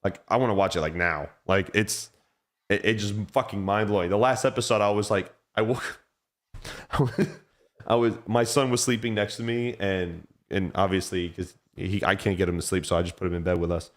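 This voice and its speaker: A man hosting a casual chat, telling excitable stories and swearing a lot. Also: deep voice, moderate pace. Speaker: host.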